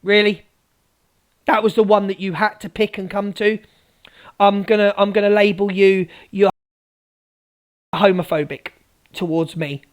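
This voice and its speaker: A woman's voice: medium pitch, steady tone, a little slow, pauses often. A woman ranting angrily at viewers on a live stream, swearing and repeating herself.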